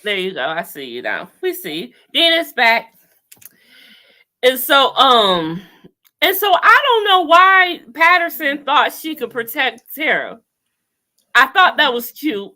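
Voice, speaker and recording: Woman, sassy casual chat, bright voice, lively pitch, video call. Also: slow. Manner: animated, sassy, laughs often, slangy. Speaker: podcast host recapping a TV show.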